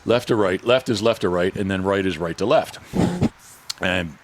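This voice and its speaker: Animated man telling a hunting-dog story. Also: deep voice, normal speed, a little hiss or hum. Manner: animated storyteller, repeats words, frequent restarts; acts out other people's lines in hushed or shifted tones. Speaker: podcast host and dog handler. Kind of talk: casual podcast chat.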